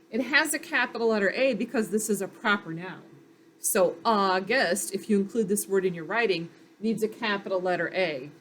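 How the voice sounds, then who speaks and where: A woman's voice: mid-range voice, a bit bright, slight background noise. A woman teacher giving a patient phonics lesson to young children, sounding out letters and praising them.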